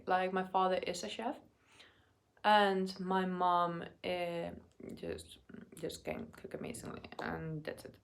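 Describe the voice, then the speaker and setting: Brief: young adult woman, eating-vlog chat, slow, unhurried delivery, halting, drops to murmurs and whispers. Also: on the low side, slight background noise. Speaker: vlogger.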